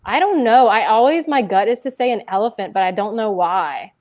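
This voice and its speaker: A woman's voice: medium pitch, expressive, fairly quick, darkish tone. A woman appearing as a podcast guest who talks in a playful, upbeat way and laughs easily. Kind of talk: casual podcast chat.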